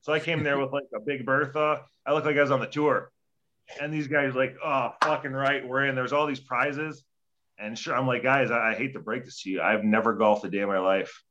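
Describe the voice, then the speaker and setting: A man telling rowdy, profane stories as a guest on a casual show, acting out the other people's lines as he goes. His voice is bright and forceful, and the recording comes through dull and lo-fi. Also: medium pitch, brisk. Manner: profane, animated storytelling with acted-out quotes. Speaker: guest, former hockey player. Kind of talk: casual storytelling. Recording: dull lo-fi audio.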